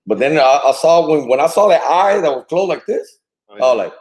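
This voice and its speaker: Male co-host, laid-back street slang, animated pitch, roomy faintly noisy sound. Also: quick pace. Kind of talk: casual chat.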